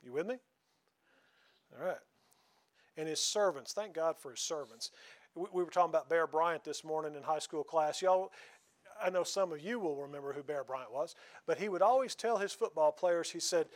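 A man's voice: fairly high pitch, normal speed. A man preaching a sermon in a folksy, conversational way, often asking the congregation questions.

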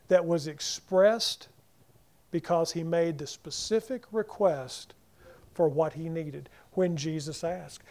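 A man preaching a sermon. He swings between loud emphasis and near-whispers and acts out the people in the scripture passages in quick voices. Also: high voice.

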